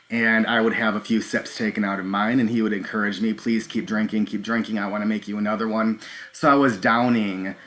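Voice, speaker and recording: Halting man hosting a live stream. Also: on the low side, a bit bright. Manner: halting, many filler ums, nervous; talks to viewers directly. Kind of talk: live stream recounting events.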